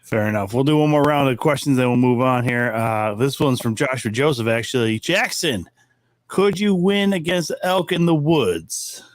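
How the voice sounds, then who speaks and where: A relaxed man hosting a casual live stream who swears freely and keeps things moving. His voice is heard close and dry. His pitch sits in the middle. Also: normal speed, no echo. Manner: relaxed, swears casually, reads viewer questions. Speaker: host.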